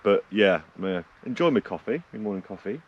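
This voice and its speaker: Low-voiced chatty man vlogging. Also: animated, a little fast, husky, muffled recording. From United Kingdom. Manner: chatty, rambling, laughs often, self-deprecating. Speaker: vlogger on a van road trip. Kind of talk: casual vlog talk to camera. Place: outdoors by a lake, cold morning.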